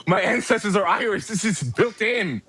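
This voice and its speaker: A man's voice: high-pitched, lively intonation, normal speed, a bit bright, slightly rough, no echo. A man co-hosting a casual wrestling podcast who complains in an exaggerated, jokey way. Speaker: podcast co-host. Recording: faint background noise.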